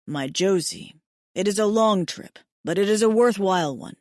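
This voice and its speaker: A woman voicing a protective alien barbarian man who speaks low, husky and formal, without contractions. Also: moderate pace, a little mellow, no room sound, clean studio sound, natural voice. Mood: tender.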